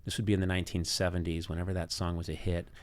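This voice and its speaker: A middle-aged man telling funny stories in casual chat. He is animated, laughs often, and gets loud when he is excited. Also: deep voice, rapid-fire. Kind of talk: comic storytelling chat.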